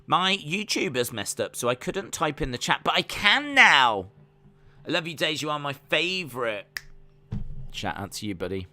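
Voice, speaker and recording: A man's voice: fairly high pitch, animated, moderate pace, bright, forceful tone, soft background music. A man with an English accent casually chatting on a live stream, reading out viewer comments in a rambling, self-deprecating way. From England. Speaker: wrestling watch-along streamer.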